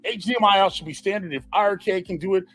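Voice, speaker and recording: A man's voice: sits high, fast talker, a bit bright, a little hiss or hum. A man reading out viewer comments on a casual panel chat.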